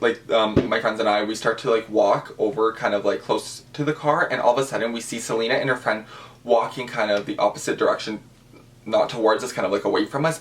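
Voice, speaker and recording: A young man, telling a celebrity-meeting story in a casual vlog, gushing and full of fillers. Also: medium pitch. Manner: gushing, animated, with many fillers. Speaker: vlogger.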